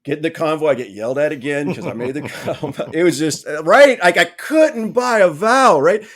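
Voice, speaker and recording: A man on a podcast telling a long anecdote in a casual way, with lively, self-mocking humor and frequent "right?" asides. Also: fairly high pitch, a little fast. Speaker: podcast guest.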